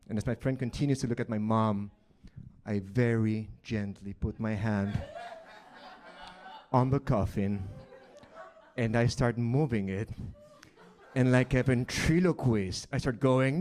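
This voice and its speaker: Man telling dark stand-up stories. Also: mid-range voice, unhurried, long pauses. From Argentina. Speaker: stand-up comedian. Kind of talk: stand-up storytelling. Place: live comedy stage.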